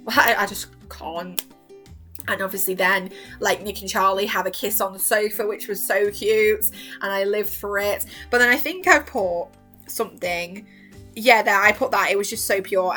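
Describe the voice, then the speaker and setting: Excitable young woman vlogging, bright and gushy, goes soft for quotes then squeals, faint music under. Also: mid-range voice. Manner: gushing and emotional, quotes characters in a softer voice, breaks into squeals. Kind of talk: excited fan rambling about a TV series.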